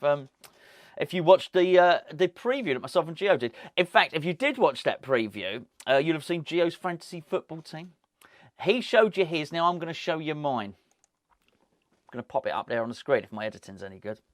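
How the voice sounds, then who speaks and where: A man's voice: fairly high pitch, no echo, studio quality. A man hosting a football fan channel, talking casually to camera with wry, rambling asides.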